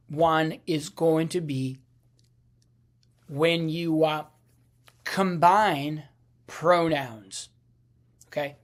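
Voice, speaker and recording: A man teaching a language lesson over slides, speaking slowly with many fillers and restarts. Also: fairly high pitch. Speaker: Italian teacher.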